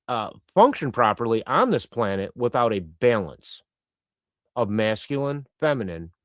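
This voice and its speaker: A man's voice: fairly low pitch, no room sound, clean studio sound. A man hosting a live stream, chatting loosely and reading out viewer comments in a rambling, irreverent way with casual swearing. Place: lives in Canada.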